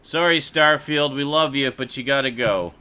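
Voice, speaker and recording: A man's voice: medium pitch, moderate pace, sharp tone, clear, resonant tone. A man hosting a casual home livestream chat into a desk microphone, rambling, laughing often and swearing casually. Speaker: livestream host. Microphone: desk USB microphone.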